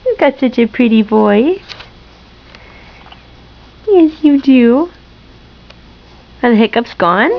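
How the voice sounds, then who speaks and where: A woman's voice: fairly high pitch, expressive, slow, gravelly, pauses often, lo-fi sound. A woman talking to a newborn in a home video, cooing and repeating phrases in sing-song baby talk.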